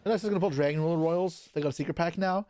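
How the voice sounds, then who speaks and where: A man's voice: fairly high pitch, rapid-fire, a little mellow, no room sound. A young man chatting casually on a live stream, answering his chat aloud while opening card packs, with offhand swearing. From Canada.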